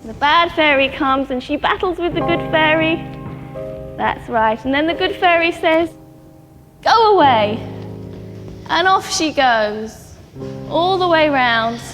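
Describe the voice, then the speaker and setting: Brief: woman, ballet instructor, high voice, unhurried and patient with young students; reverberant studio with music playing. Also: animated. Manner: patient, clear step-by-step instructions to children. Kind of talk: teaching children a dance class. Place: dance studio.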